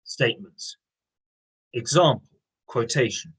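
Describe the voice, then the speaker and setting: A male English teacher with a husky, slightly rough voice. He explains patiently and leans on key words by repeating them. He speaks at an unhurried lesson pace. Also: mid-range voice, expressive, fairly bright tone, poor audio. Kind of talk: online lesson with reading aloud.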